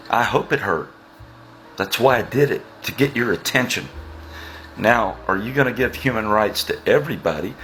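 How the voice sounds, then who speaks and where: A man's voice: mid-range voice, a bit bright. Sarcastic man mocking. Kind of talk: mocking monologue.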